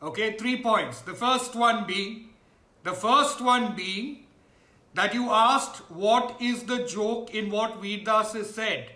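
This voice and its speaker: A man, a debate panelist who speaks slowly and scolds the others. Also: high voice, bright, forceful tone, echoey room.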